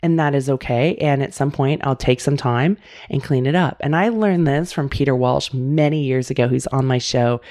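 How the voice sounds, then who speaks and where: A woman's voice: rumbling low, moderate pace, few pauses, darkish tone. Chatty middle-aged woman hosting a podcast. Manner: chatty and candid, talking straight to listeners. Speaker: podcast host. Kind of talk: casual self-help monologue.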